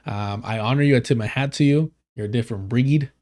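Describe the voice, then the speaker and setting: Male streamer, mellow and warm, reads news aloud with blunt casual asides. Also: medium pitch, brisk. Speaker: live streamer. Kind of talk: casual live stream commentary.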